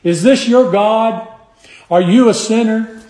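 A man preaching a sermon, emphatic and measured, drawing out scripture lines in old wording. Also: high-pitched, warm tone. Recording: echoey room.

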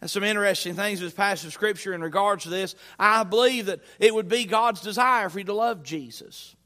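Preacher guy, kinda high voice, folksy sermon, echoey church hall. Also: brisk, bright, forceful tone. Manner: folksy, conversational preaching with rising emphasis. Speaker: pastor. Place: church sanctuary.

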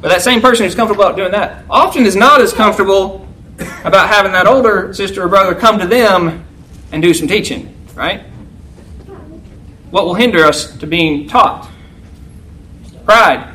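High-voiced preacher, conversational. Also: male voice, brisk, slight background noise, poor audio. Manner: conversational, keeps asking "right?"; acts out a yelling teacher in a loud, high voice. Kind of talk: sermon.

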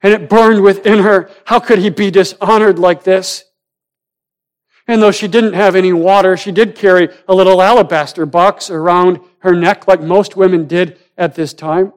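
A man preaching a sermon, swinging from loud, rising emphasis down to hushed, almost whispered lines. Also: sits high, steady tone, moderate pace. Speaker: pastor.

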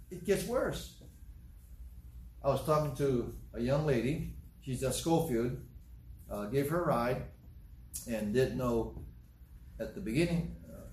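A man's voice: mid-range voice, a little mellow, echoey room, distant mic, slight background noise, rough recording. A male pastor preaching a sermon in an emphatic, repetitive way, telling stories from his own life.

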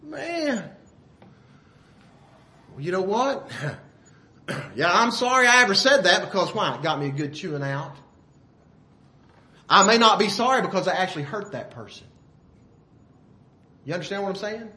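A man preaching a sermon in a folksy way, asking the listeners rhetorical questions and often clearing his throat. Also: high-pitched, lively intonation, normal speed, long pauses, pushed and bright.

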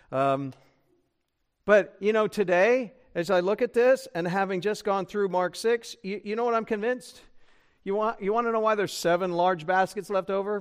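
A man preaching a sermon as pastor, conversational and full of rhetorical questions to the congregation. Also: sits high. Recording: church broadcast recording.

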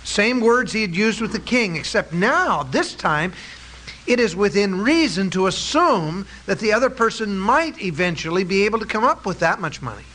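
A man preaching a sermon, emphatic, with drawn-out stresses and rhetorical questions to his listeners. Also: high-pitched, very animated, bright, forceful tone, low-quality recording.

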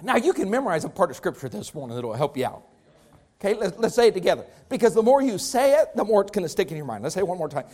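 A man's voice: high-pitched, sing-song, quick pace, a little mellow. A man preaching a sermon as pastor, repeating phrases and building intensity as he speaks to his congregation.

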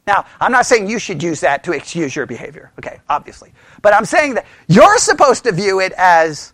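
A man's voice: high voice, a little fast, dry recording. A man leading a Bible study in a church, teaching in an informal, emphatic way and acting out voices as he goes. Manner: animated, emphatic, acts out voices.

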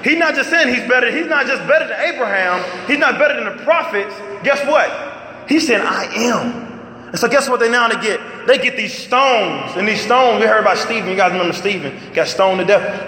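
High, bright-voiced preacher in echoey hall. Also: male voice. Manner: lively, call-and-response preaching with rising shouts. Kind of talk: sermon. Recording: echoey hall, faint room noise.

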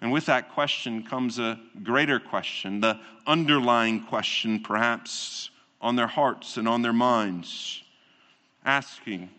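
A pastor delivering a sermon in a deliberate, emphatic way, repeating phrases and asking rhetorical questions. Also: male voice, medium pitch, bright, forceful tone. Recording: long reverb of a large hall.

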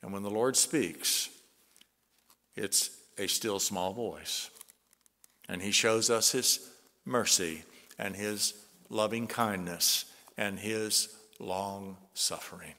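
A man preaching a sermon as pastor, earnest and conversational, with soft chuckles between points. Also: lowish voice, takes it slowly. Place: church sanctuary. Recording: long church reverb.

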